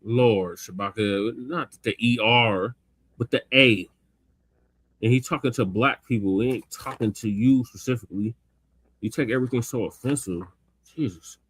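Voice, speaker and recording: A man's voice: medium pitch, moderate pace, fairly bright tone, breathy edge. A man on a casual talk show, lecturing and chiding another speaker in banter.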